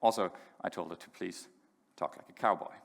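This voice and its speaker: A man's voice: sits low, a little fast, gravelly. A man giving a live technical demo at a conference, talking casually with fillers and restarts. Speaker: conference speaker. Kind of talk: live tech demo talk. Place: large conference hall. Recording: echoey hall reverb.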